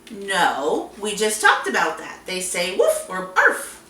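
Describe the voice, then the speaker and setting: A woman children's librarian leads storytime with a bright, sing-song voice that swoops up and down as she talks to small children. She speaks slowly and clearly. She is recorded a little off-mic in a roomy, echoey space. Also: on the high side, distant mic, a little hiss or hum. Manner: animated, sing-song, talking to young children. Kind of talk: storytime with songs and reading aloud. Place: library room. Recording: echoey room, voice a bit off-mic.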